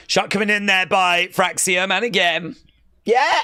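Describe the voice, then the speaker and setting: A man hosting a live watch-along stream, chatting casually, reading out viewer comments and calling the action with sudden excitement. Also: a little high, moderate pace, dry recording. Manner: excitable, chatty, reads chat aloud.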